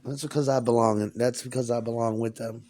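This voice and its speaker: A man's voice: mid-range voice, fairly even intonation, fast talker, a little mellow. A man at home, talking in a rambling, profane, stream-of-consciousness monologue.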